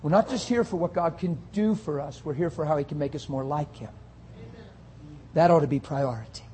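A male pastor preaching a sermon, forceful and confrontational, often breaking into shouts. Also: a little high, fairly quick, a little hiss or hum.

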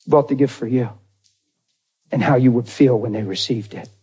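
A man preaching a sermon, telling a personal story with deep emotion and speaking unrehearsed, calling out to his congregation. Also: moderate pace, mellow, breathy edge. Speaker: pastor.

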